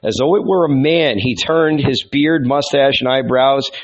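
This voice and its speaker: A man narrating a novel in a measured, dramatic storytelling manner. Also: mid-range voice, highs cut off. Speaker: audiobook narrator. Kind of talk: audiobook narration.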